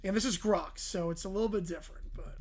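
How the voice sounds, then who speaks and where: A man's voice: high-pitched, fast talker. A man hosting a casual livestream, laid-back and amused, muttering asides and reading out chat. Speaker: livestream host.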